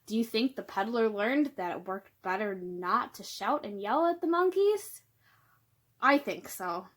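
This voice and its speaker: A young woman reading a picture book aloud to children, gentle, calling her listeners friends and gasping for effect. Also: medium pitch, lively intonation, a little slow. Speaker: children's storyteller.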